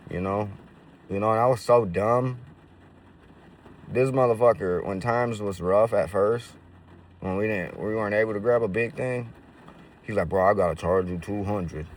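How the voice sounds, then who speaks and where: A man's voice: on the low side, moderate pace, long pauses, distant mic, slight background noise. A man casually telling stories to camera in profane, slangy street talk full of fillers. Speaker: roofing business owner.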